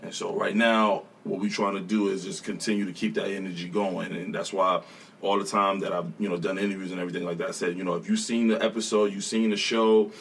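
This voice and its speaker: Man, schoolteacher guest, casual storytelling, quick talker, animated, laughs often, slightly distant from the mic. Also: sits low, vocal fry, husky. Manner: animated, laughing storyteller who acts out quotes. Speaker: teacher, guest.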